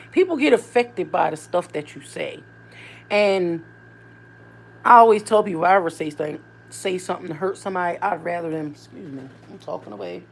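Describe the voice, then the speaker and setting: A woman's voice: on the low side, vocal fry, a little hiss or hum. A woman vlogger and mother talking casually to her viewers, rambling from one thought to the next. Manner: rambling, conversational, animated asides. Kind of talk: casual chat to camera.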